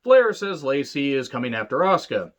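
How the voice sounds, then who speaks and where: A man's voice: mid-range voice, big pitch swings, fairly quick. A man who reviews wrestling shows in a casual, sarcastic way, with a lot of swearing and jokes. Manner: sarcastic, joking, rambling. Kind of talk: casual profane commentary.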